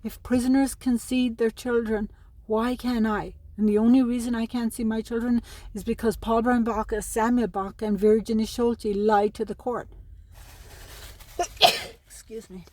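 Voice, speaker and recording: Speaking to her sons about custody, a middle-aged Irish mother makes an aggrieved, emotional plea to camera at home in New Mexico. Her voice sits on the high side, mellow and flat at normal speed, with slight background noise.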